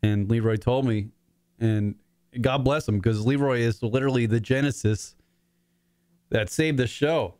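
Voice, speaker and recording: Fighting back tears, a podcast host in his 40s rambles profanely through an emotional monologue on his talk show, recorded from his apartment. His medium-pitched voice is a little slow, darkish and clean, in a dry, clean studio recording.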